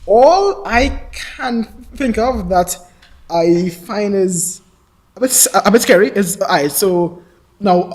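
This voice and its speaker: A man with a stammer in a casual discussion, halting and repeating words, laughing at himself. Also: high-pitched, animated, darkish tone.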